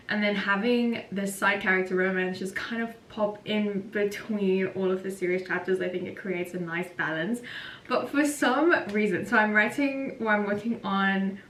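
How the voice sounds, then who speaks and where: A woman from South Africa, an author, chatting casually in a rambling vlog and laughing often. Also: distant mic. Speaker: author vlogger. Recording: roomy echo, voice from off-mic, faint rumble.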